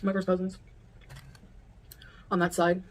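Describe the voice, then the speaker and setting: A woman's voice: on the low side, monotone, unhurried, a little hiss or hum. A woman co-hosting, chatting casually and rambling about food and family, with frequent laughs. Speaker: co-host. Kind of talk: casual chat.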